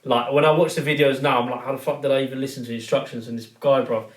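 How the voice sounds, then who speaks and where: A man's voice: mid-range voice, fast talker. Young guy yarning about his childhood, sounds a bit far from the mic, roomy echo. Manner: storytelling, heavy slang, animated. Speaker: podcast guest or co-host. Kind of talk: casual chat.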